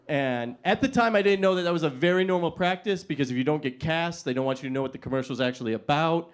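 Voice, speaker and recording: A man's voice: fairly high pitch, fast talker, hardly any pauses, clear, resonant tone. A male stand-up comedian telling a self-mocking story on a comedy stage, talking into a stage microphone.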